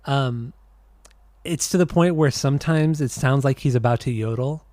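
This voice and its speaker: A man co-hosting a music podcast in easy, relaxed chat, teasing his partner and laughing often. His voice sits in a middle range. The sound is dry and close-miked. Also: mid-range voice, normal speed, no room sound. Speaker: podcast co-host. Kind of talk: casual chat about music.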